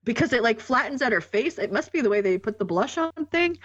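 A woman co-hosts a podcast in excited, casual talk, swearing without a second thought. Her voice comes through dull and lo-fi. The room is fully dry, with no echo. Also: on the high side, fast. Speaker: podcast co-host. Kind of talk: casual chat. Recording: muffled dry lo-fi mic.

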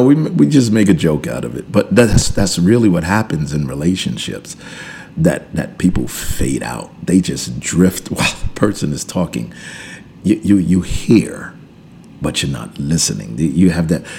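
A man, a pastor hosting a podcast, teaching in a relaxed conversational way, repeating and restarting words and chuckling between points. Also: a bass voice, a little slow, creaky, a little hiss or hum. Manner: emphatic, preacherly build-ups.

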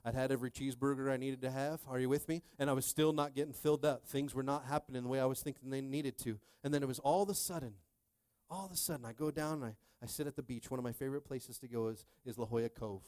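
A man preaching a sermon as pastor, telling a personal story animatedly, swinging between hushed and loud, and checking in with the crowd again and again. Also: medium pitch, steady tone, quick pace, clear, resonant tone, no room sound, clean studio sound.

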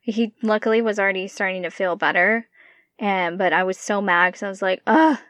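A woman's voice: mid-range voice, fairly quick, a bit bright, no room sound. A woman in her thirties chatting casually and laughing easily with a friend. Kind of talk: casual chat.

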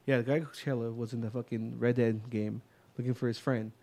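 A man co-hosting a casual podcast, telling a story in an animated, heavily profane way. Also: medium pitch, brisk. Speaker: podcast co-host. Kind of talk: casual chat.

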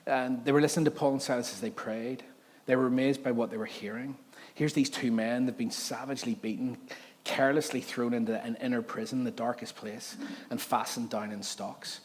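A man's voice: mid-range voice, steady tone, a little fast. A man preaching a sermon in church, telling stories animatedly and laughing often. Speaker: pastor. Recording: long hall reverb, faint background noise.

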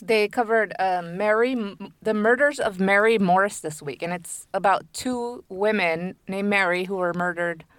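A woman's voice: medium pitch, moderate pace, few pauses, no echo. Blunt, swearing woman podcast co-host. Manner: blunt, swears casually, laughs along. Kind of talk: casual chat.

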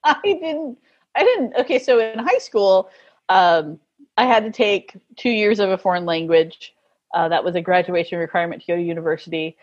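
Husky-voiced woman telling stories, laughing. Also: medium pitch, expressive, moderate pace, lo-fi sound. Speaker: guest. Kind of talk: casual storytelling interview.

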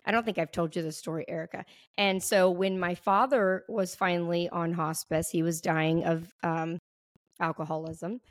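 A woman's voice: lowish voice, fairly even intonation, moderate pace, no room sound, studio quality. A woman hosting a nurse podcast, chatting casually and animatedly, slipping into voices when retelling a family story.

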